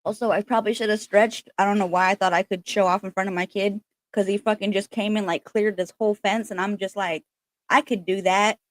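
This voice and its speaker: A woman's voice: mid-range voice, steady tone, quick pace. A woman hosts a casual spiritual livestream. She rambles in a chatty, loose way, full of fillers and side remarks, with a mid-range voice. Her laptop mic gives a dry sound with no room echo.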